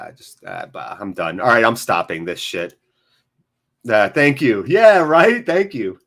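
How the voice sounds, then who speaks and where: A man hosting a live football watchalong, commentating and joking excitably and swearing freely. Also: lowish voice, unhurried. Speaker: watchalong host. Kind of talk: live match commentary and chat.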